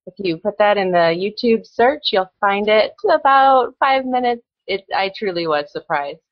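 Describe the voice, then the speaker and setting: A woman's voice: medium pitch, lively intonation, moderate pace, no room sound, dull audio. A young adult woman speaking as a podcast guest in casual chat, earnest and hesitant with many fillers.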